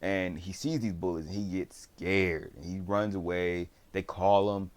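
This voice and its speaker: A low-pitched man with a steady tone reviews a TV drama at a measured pace. His recap is laid-back and meandering, full of slang and acted-out character dialogue.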